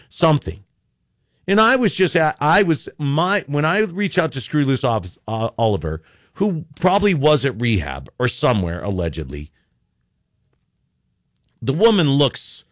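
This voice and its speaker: A man's voice: on the high side, no echo, clean studio sound. Sarcastic older man ranting on talk radio. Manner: sarcastic, ranting, rambling with restarts.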